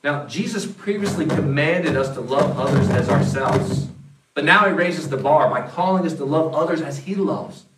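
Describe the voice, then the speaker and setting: A man's voice: fairly high pitch, moderate pace, music in the background. A man preaching a sermon as pastor in a conversational way, often restarting his words. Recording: echoey room, mic at a distance.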